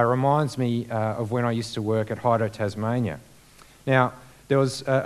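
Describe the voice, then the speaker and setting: Male preacher, mid-pitched voice, casual sermon, rhetorical questions, lots of uh fillers.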